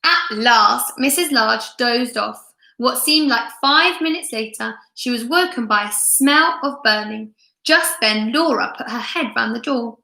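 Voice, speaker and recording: A woman reading a storybook aloud to young children in an expressive manner, chatting with her viewers between lines. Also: fairly high pitch, measured pace, vocal fry. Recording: echoey room.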